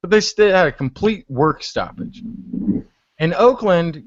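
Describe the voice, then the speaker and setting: A man's voice: high-pitched, animated, unhurried, dry recording, dull audio. A man telling a story in a casual group video chat and acting out the exchanges he quotes. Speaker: hangout panelist. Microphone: computer mic on a video call.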